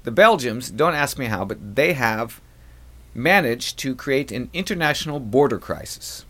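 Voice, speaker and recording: A man co-hosting a casual news chat tells his story with a lively, swooping voice, chuckling between lines. His pitch sits in an ordinary middle range. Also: moderate pace. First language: not French. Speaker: co-host.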